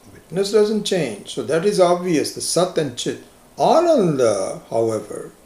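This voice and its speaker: Slow, lively-voiced man teaching. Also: medium pitch, slight background noise. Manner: slow, reflective, rising emphasis on key words. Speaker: Vedanta teacher. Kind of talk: spiritual lecture. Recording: echoey lecture room.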